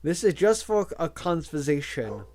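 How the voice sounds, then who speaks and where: A man's voice: a little high, sing-song, moderate pace, a little mellow, slight background noise. A man reading the part of a wary male caller speaking over a comlink, terse and guarded.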